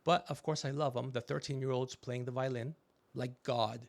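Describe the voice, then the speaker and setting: Gravelly-voiced joking man. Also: mid-range voice, moderate pace. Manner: animated storytelling, acting out quotes. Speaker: podcast host. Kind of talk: casual comedic chat.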